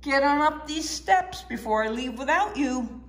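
A woman voicing a cheerful, confident woman bus driver in a storybook reading, with a bright, emphatic sing-song delivery. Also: mid-range voice, huge pitch swings, slow pace.

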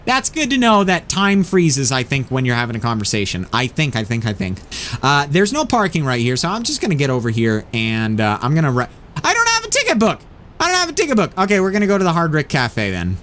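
A man hosting a let's play, talking through the game in an animated, self-mocking way. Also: mid-range voice, brisk, slight background noise. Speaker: gaming channel host.

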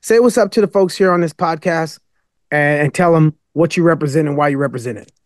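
A man's voice: fairly high pitch, a little fast, no room sound, studio quality. A man speaking as a podcast guest, rambling and emphatic in casual storytelling. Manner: rambling, many fillers and restarts, emphatic.

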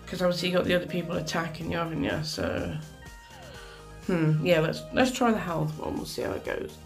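A woman with a fairly low, vocal-fried voice gives brisk, very animated live commentary on a game she's playing. Chatty and exasperated, she swears mildly and often, over soft background music.

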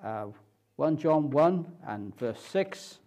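A man preaching a sermon at a church, asking and answering questions slowly and deliberately. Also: fairly high pitch, animated, darkish tone.

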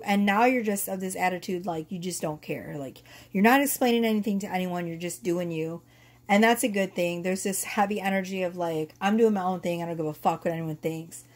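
A woman's voice: medium pitch, darkish tone. A woman in her thirties who is losing her voice, chatting casually and swearing as she reads tarot cards to camera. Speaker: tarot reader.

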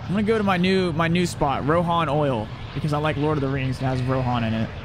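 A male game streamer with a fairly high voice talks casually through a match, addressing his chat in a loose, profane way. A faint hiss of noise sits under his voice. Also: fast. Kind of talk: casual live gameplay commentary.

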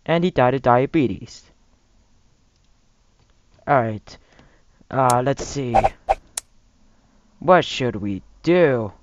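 A young man commentating a gameplay video, shouting and laughing between low mutters. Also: lively intonation, extremely slow, long pauses, lo-fi sound, a little hiss or hum. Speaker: gamer. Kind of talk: let's play commentary.

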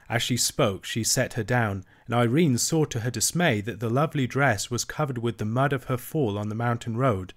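A man narrating an old children's novel, his mid-pitched voice steady and measured. He reads at an even, deliberate pace, letting the long descriptive sentences unfold. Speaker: audiobook reader. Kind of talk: reading a classic children's novel aloud.

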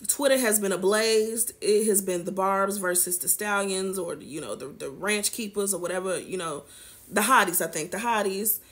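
A woman's voice: medium pitch, moderate pace, a bit bright. A woman hosting a celebrity gossip show, chatting casually and sassily straight to her viewers. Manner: sassy, chatty, speaks straight to viewers with slang. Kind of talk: casual commentary.

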